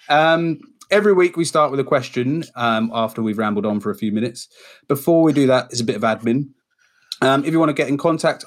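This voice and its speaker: A man hosting a casual football podcast, running the segments and quizzing his co-hosts. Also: mid-range voice. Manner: runs the segments, reads out lists, quizzes the others. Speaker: podcast host.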